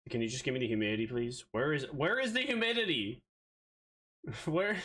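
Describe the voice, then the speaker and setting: A man's voice: mid-range voice, wildly swooping pitch, measured pace, long pauses, sharp tone, poor audio. A man streaming live, chatting casually and rambling playfully to himself, a bit out of breath.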